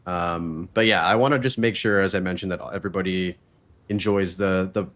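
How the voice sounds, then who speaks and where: A man's voice: low voice, fairly even intonation, a little fast, a bit bright. Chatty man streaming a game. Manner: loose, chatty, swears freely, thinks aloud between game actions. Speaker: streamer and podcast host. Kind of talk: casual live-stream chat while gaming.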